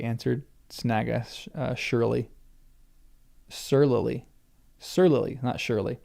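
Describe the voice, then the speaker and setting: A man's voice: medium pitch, fairly even intonation, measured pace, vocal fry, long pauses, mellow. A man reading a novel aloud for the first time, breaking off for chatty asides and correcting his own slips. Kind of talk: reading aloud with casual commentary.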